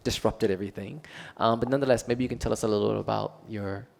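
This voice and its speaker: A man with a lowish voice talks through an arts panel in an easygoing, meandering way, leaning on "um" and "kinda" as he thinks aloud. Faint room ambience sits behind him. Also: fast talker, creaky, slight background noise. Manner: relaxed and loose, with frequent "um" and "kinda" fillers. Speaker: panel speaker from an arts foundation. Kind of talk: conversational panel talk. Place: public talk at an arts event.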